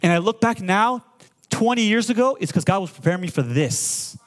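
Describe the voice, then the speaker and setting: In an animated sermon driven by call-and-response, a male pastor in his forties often stutters and doubles up words when excited. He has a high voice and speaks at a normal speed.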